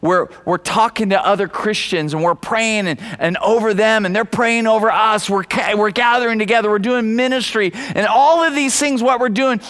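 A male preacher delivering a sermon with a bright, high voice. He talks emphatically, hammering key phrases again and again and calling out to the congregation. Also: moderate pace, hardly any pauses. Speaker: pastor.

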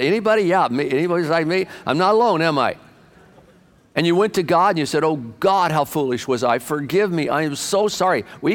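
Animated conversational man preaching. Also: fairly high pitch. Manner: animated, conversational preaching with rhetorical questions to the congregation; self-deprecating and candid. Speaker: pastor. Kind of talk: sermon. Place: church sanctuary.

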